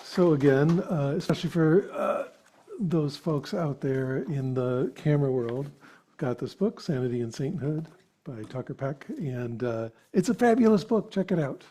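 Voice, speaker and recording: Man, interviewer, live event, thoughtful, hedging, warm husky tone. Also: on the high side, animated, normal speed. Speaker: interviewer and meditation teacher. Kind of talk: live talk conversation. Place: event room with live audience.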